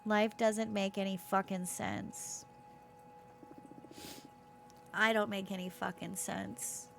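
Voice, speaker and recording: A woman streamer reading aloud the inner thoughts of a gloomy, self-loathing young student from a video game, in a flat, downbeat way. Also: medium pitch, takes it slowly, creaky, faint music behind. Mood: glum.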